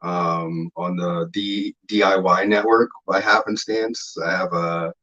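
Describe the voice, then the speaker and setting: A man as an interview guest, telling stories in a laid-back, rambling way, swearing freely and filling pauses with "um" and "like". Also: sits low, fairly even intonation, sharp tone, muffled recording. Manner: laid-back, profane, rambling with many fillers. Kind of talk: casual storytelling interview.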